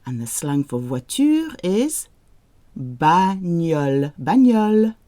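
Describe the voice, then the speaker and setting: A woman teaching French, reading example sentences slowly and clearly, then explaining the grammar in English. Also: low-pitched, sing-song, mellow, dry recording. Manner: slow, careful model pronunciation with questioning rises. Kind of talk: language lesson with slow example sentences.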